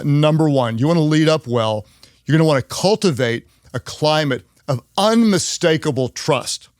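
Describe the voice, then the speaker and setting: A man's voice: dry recording, studio quality. A middle-aged man hosting a leadership podcast. He teaches earnestly and repeats key phrases for emphasis. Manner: acts out quoted people in higher voices. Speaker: podcast host.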